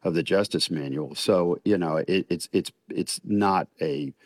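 An older man with a very deep voice speaks as a radio interview guest. He weighs each phrase and pauses often. The sound is dry and close, with no room around it. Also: no echo. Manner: measured and deliberate, frequent "uh" pauses. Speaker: retired federal judge, interview guest.

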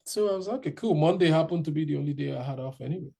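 Brief: young man, gravelly husky warm voice, lively storyteller doing voices. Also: a little high, very fast. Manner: animated, quotes others in raised voices. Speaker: interviewee. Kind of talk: casual storytelling.

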